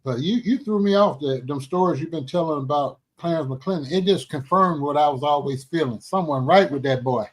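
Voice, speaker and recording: A middle-aged man hosting a casual talk show, animated, exclaiming and joking as he talks. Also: a little high, brisk, few pauses. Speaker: show host. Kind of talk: casual chat.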